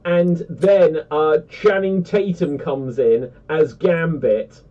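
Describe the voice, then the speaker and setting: Casting note: animated, rambling man on a geek panel, slightly high voice, dull and distant recording. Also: takes it slowly. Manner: rambling, animated, many fillers. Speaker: panelist on a geek pop-culture show. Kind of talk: casual chat.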